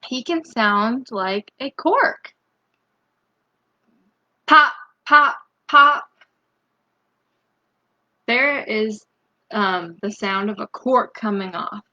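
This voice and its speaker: A woman reading a picture book aloud to children, gently asking them questions and breaking into loud animal sounds. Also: medium pitch, muffled recording. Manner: slow, gentle, asks the young listeners questions; bursts into loud animal noises. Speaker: storytime reader.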